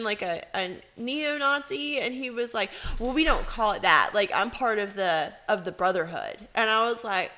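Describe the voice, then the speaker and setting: A woman co-hosting a casual podcast, her voice fairly high and bright. She tells stories in a lively, crude, profane way. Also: moderate pace, hardly any pauses. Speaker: podcast co-host. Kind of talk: casual chat.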